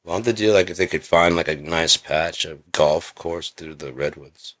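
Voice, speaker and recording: A man's voice: low-pitched, moderate pace, fairly bright tone. A man talking in a rambling, swearing monologue, coughing often and acting out quoted voices. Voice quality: frequent coughing. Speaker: video creator.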